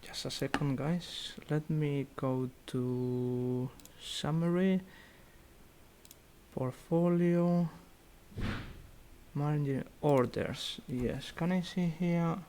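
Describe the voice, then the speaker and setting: Young male student leading an online fund meeting; unhurried, hesitant, thinks aloud. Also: a little high, dark tone. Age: young adult. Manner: halting, thinking aloud with many fillers. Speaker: student investment society organiser. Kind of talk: virtual meeting portfolio review. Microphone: computer mic on a video call.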